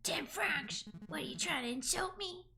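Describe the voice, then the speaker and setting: A woman voicing a greedy, cocky male guard in a game, reading aloud on a stream with a gruff put-on voice. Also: extremely high pitch, normal speed, bright, forceful tone, faint music behind, voice pushed up, exaggerated voice. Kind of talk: game voice-over read on stream.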